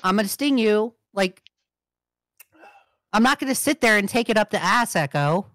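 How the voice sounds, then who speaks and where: A woman's voice: mid-range voice, lively intonation, moderate pace, fairly bright tone, no echo. Sarcastic woman arguing on a call. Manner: defensive and sarcastic. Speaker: co-host. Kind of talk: heated online group call argument.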